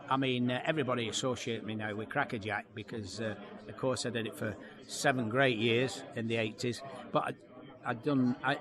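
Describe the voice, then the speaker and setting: Comic in his fifties, lively yarn-spinner doing voices, interviewed outside over a busy crowd. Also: medium pitch. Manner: lively storyteller, acts out voices, laughs often. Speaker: comedian guest. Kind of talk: anecdotal interview chat. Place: outdoor launch event. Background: crowd chatter.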